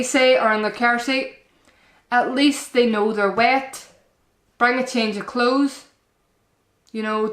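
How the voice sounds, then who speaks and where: A woman's voice: on the high side, fairly bright tone. A young woman and mum giving earnest, chatty parenting advice to camera in a casual vlog style, often calling her viewers "guys" and repeating herself. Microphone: camera-mounted shotgun mic. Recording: echoey room.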